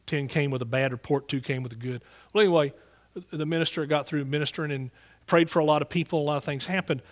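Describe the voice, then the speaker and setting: Man, Southern accent, folksy sermon testimony, slightly high voice. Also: steady tone, quick pace. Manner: folksy, earnest storytelling with restarts. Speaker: Bible teacher. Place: church service before a congregation.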